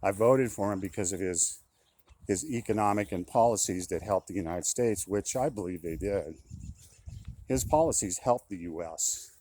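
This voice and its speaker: An older male commentator speaks in a low, mellow voice at a moderate pace. His casual monologue is conversational and repetitive, often turning indignant.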